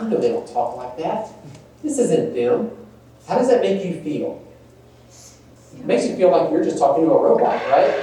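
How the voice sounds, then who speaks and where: A workshop presenter gives a conversational talk on email marketing in a large meeting room, quizzing the audience and teasing stiff wording. His voice is a little high with a warm tone. The room echoes, the mic is distant, and there's faint room noise.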